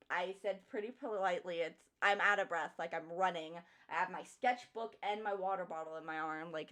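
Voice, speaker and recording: A young woman talks casually on a livestream while she works on a drawing. She tells a story in a loose, chatty way, with plenty of swearing and bursts of laughter between her lines. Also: on the low side. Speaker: streamer and artist.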